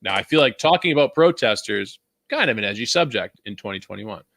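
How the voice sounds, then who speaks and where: Co-hosting a casual podcast, this young Vancouver, Canada native has a lowish, gravelly voice and talks fairly quickly on a dry recording. He's animated, swearing and laughing through his rants.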